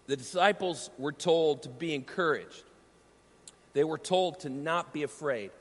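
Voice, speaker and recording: A man preaching a sermon as pastor, teaching earnestly and slowing down to stress key lines. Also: on the high side, lively intonation, big-room sound.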